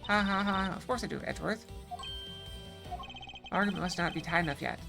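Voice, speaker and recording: Woman reading as a sly taunting suspect lady from a game, a bit gravelly. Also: lowish voice, a little fast, over music. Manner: mocking, reading game dialogue aloud.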